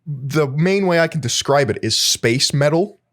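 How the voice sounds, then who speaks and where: A man's voice: on the high side, lively intonation, measured pace, a bit bright. Laid-back rambling male podcast co-host. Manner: laid-back and rambling, heavy filler and swearing. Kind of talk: casual chat.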